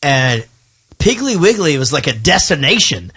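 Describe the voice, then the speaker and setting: A man's voice: fairly high pitch, big pitch swings, moderate pace, bright, forceful tone, breathy edge. Rambling, foul-mouthed male podcast host. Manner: rambling, swears freely, many fillers. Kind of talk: casual chat.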